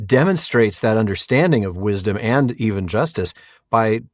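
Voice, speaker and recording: A man's voice: fairly low pitch, expressive, moderate pace, no echo, studio quality. A man co-hosting a podcast, discussing a book with enthusiasm and easy laughter. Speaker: podcast co-host.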